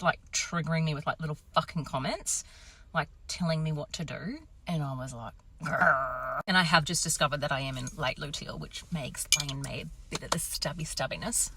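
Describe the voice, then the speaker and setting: A woman in her thirties talks straight to camera in a low, grounded voice. She's candid and animated, swearing freely as she tells a story. The sound is dry and close. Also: husky, no echo. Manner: animated, swearing, acts out quotes. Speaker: confidence coach.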